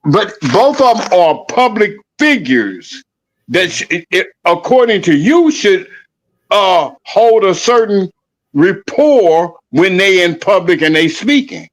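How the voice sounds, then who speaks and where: Man, podcast co-host, heated debate, insistent, argumentative, slightly high voice. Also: sing-song, slow pace. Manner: argumentative, pressing his point repeatedly.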